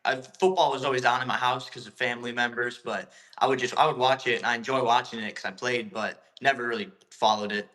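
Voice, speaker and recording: A man's voice: mid-range voice, steady tone, quick pace, hardly any pauses, sharp tone. A young man, a kickboxer guest, answering interview questions briefly and confidently. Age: young adult.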